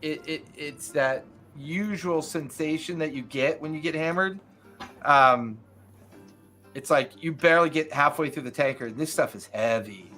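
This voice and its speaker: A man's voice: a little high, unhurried, pushed and bright. A man narrating as game master in casual, rambling style, with faint music behind.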